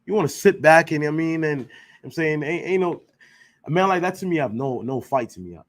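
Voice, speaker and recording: A man's voice: on the high side, lively intonation, brisk. A man teaching an informal scripture class, emphatic and slangy, firing rhetorical questions and checking in with his listeners. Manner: emphatic, rhetorical questions, slangy, keeps asking "you know what I'm saying".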